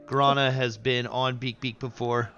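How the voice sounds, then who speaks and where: A man talks in a bright, tense voice, rambling and laughing at himself as he plans his turn in a tabletop game. His mic sounds dull and lo-fi. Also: mid-range voice, little pitch movement, unhurried, clear, resonant tone, soft background music. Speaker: player. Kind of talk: casual tabletop play.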